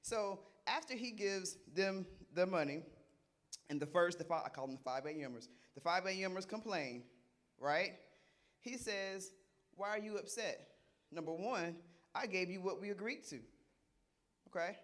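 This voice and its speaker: Man, middle-aged, Bible study teacher, interactive sermon, fairly high voice, playful, questions the audience. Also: a little slow. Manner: conversational, asks the audience questions and repeats their answers; animated and playful, laughs often.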